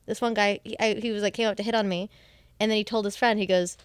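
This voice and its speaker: A woman's voice: mid-range voice, fairly even intonation, fast, smooth, no room sound. Young adult woman, comedian guest; loose chatty delivery with frequent laughs; dry, close recording. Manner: chatty, laughs often, many "like" fillers. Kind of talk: casual chat. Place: bedroom.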